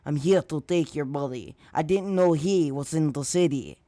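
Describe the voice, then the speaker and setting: A man voicing a male sludge monster villain in a fan story, loud, pushy and threatening. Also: a little high, normal speed, no room sound, clean studio sound, natural voice. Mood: menacing.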